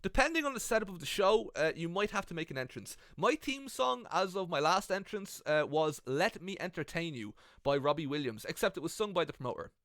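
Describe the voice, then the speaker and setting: A young Irish man giving comedic, sweary advice about wrestling commentary in an animated vlog, speaking into a gaming headset. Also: a little high, a little fast, few pauses, no echo, studio quality. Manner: animated, sweary, self-mocking.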